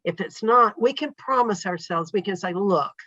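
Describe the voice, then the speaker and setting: A woman's voice: mid-range voice, lively intonation, moderate pace, bright, forceful tone, husky, no room sound, highs cut off. A woman guest on a podcast talking in a thoughtful, reflective way, often acting out her own inner thoughts as little quotes. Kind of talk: reflective conversational interview.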